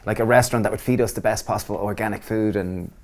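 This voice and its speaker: A man's voice: lowish voice, steady tone, quick pace, crowd noise. An Irish man in his thirties, a business co-founder, talking eagerly as an interview guest and often chiming in to agree. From Ireland. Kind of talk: casual interview chat.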